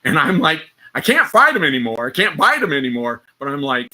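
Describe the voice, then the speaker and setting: Bright-voiced man telling war stories. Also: a little high, very animated, fairly quick. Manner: profane, vivid storyteller who laughs mid-sentence. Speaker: live stream host. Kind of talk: casual storytelling.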